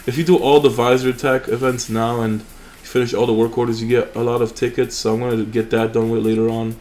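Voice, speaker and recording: A man's voice: mid-range voice, flat delivery, fairly quick, a little mellow, slight background noise. A young man hosting a mobile game channel, chatting casually and rambling with fillers and restarts over his gameplay.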